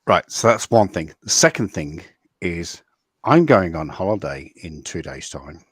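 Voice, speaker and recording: A man's voice: low-pitched, very animated, unhurried, slightly rough, dry recording, clean studio sound. A man from England, co-hosting a casual chat, rambling with stumbling restarts. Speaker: co-host.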